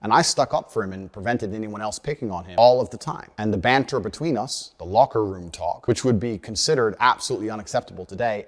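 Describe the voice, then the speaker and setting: Man, 30s, low voice, fast self-assured monologue, reverberant sound. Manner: measured, self-assured storytelling. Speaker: speaker in a played video statement. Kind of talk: prepared monologue to camera.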